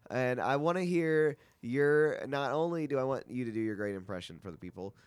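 Male podcast host, casual chat, joking, mid pitch, dry close sound. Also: lively intonation, normal speed, clean tone, no echo. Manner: loose, joking.

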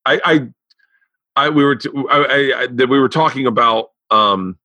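A man's voice: medium pitch, normal speed, bright, forceful tone, no room sound. A man hosting a podcast, chatting casually with lots of swearing and stammered restarts. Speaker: podcast host. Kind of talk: casual interview chat.

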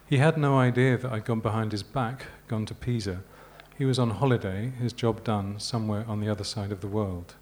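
Male novelist from Yorkshire, low voice, calm live reading of his own prose, faint room noise. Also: a little fast, hardly any pauses. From Yorkshire, England. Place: small live reading event.

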